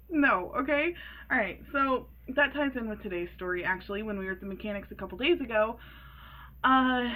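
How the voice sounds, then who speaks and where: A woman in her early twenties telling a story in a casual vlog, animated and sassy, laughing often. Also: medium pitch, low-quality recording. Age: 20s. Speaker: vlogger.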